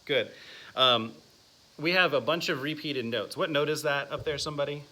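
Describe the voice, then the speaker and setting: A man's voice: on the high side, normal speed, sharp tone. A man teaching a music masterclass, asking the class questions and counting out phrasing exercises. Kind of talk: classroom instruction.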